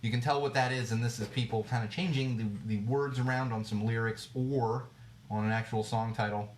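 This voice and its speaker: A man's voice: mid-range voice, fairly even intonation, brisk, a little hiss or hum. A man hosting a podcast, ranting casually and bluntly, with plenty of swearing, fillers and restarts. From United States. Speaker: podcast host. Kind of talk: casual solo rant. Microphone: livestream mic.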